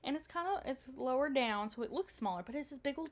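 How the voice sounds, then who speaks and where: A woman casually recounting a day of travel and snorkeling, chatty and animated, quoting people she met. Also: high voice, fast talker, hardly any pauses. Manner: chatty, animated retelling with quoted dialogue and laughs. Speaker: travel vlogger.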